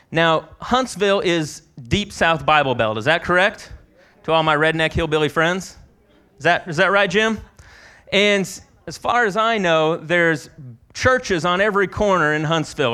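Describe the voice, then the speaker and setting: A man's voice: fairly high pitch, bright, forceful tone. A man preaching a sermon at a conference, telling stories in a conversational way, with frequent restarts. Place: conference hall.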